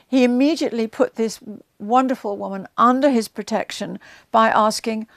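Woman, Bible teacher, gravelly tone, dry close sound, conversational, frequent ums. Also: a little high, normal speed, no room sound. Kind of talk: Bible teaching talk to camera.

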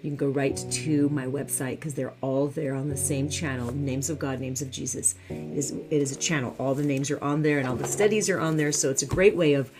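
A woman's voice: a bass voice, steady tone, brisk, over music. A woman teaching the Bible online, fervent and repeating phrases for emphasis.

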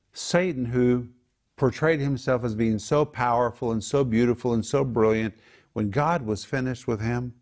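A man's voice: lowish voice, darkish tone. A man teaching the Bible in a home group discussion, explaining Greek words and repeating key phrases for emphasis.

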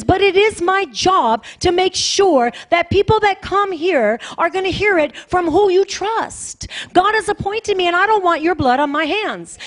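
A woman pastor preaching a sermon in a conversational, emphatic way, repeating phrases for weight. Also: extremely high pitch.

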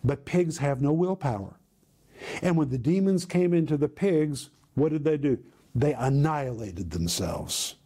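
A man gives preaching-style Bible teaching with a somewhat high yet warm, mellow voice. He leans on emphasis and repeats key phrases to drive each point home. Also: expressive, measured pace, husky.

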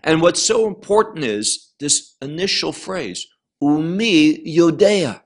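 A man teaches a Bible lesson in a slightly high, very lively voice that swoops up and down. He speaks slowly and leans hard on key words. He often restarts a phrase and repeats words to make his meaning plain. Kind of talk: Bible lecture.

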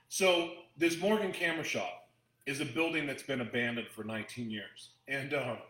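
Man, rambling casual storytelling, bright voice, echoey room. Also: medium pitch, moderate pace. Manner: rambling, emotional, chatty with frequent restarts. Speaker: host addressing an audience.

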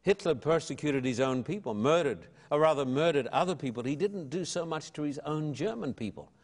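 Fervent older Australian preacher. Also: male voice, a little high, animated, fairly quick, darkish tone. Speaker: evangelist and pastor. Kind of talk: interview answers.

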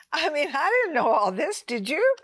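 Woman talk show host, exclamatory, animated high voice, dry studio sound. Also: a little slow, dry recording. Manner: enthusiastic, exclamatory.

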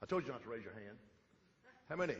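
Fervent preacher in a reverberant church. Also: male voice, mid-range voice, lively intonation, fast talker, muffled recording. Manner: fervent, repetitive, with sudden loud bursts and drops. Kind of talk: Pentecostal-style sermon. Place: church sanctuary.

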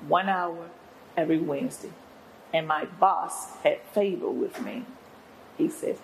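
Older woman, guest pastor; low and gravelly, preacherly storytelling. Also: steady tone, unhurried, slight background noise, poor audio. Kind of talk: testimony in an interview.

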